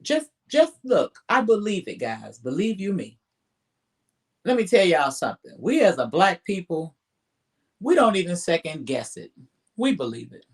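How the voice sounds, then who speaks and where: A man's voice: high-pitched, huge pitch swings, a little slow. Blunt, profane man on a live stream. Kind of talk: casual live-stream commentary.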